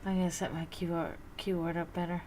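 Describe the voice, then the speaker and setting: A woman hosting a livestream, chatting casually with viewers and telling stories in a lively way, acting out the voices of the people in them. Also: lowish voice, fast, noisy background. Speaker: livestream host.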